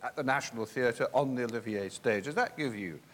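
A man's voice: medium pitch, fairly quick, big-room sound, slight background noise. A man interviewing an actor, asking curious, probing questions.

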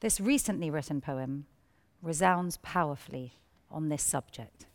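A woman presenting a poetry programme, giving scripted introductions to each poem in an expressive storytelling tone. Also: sits low, a little slow.

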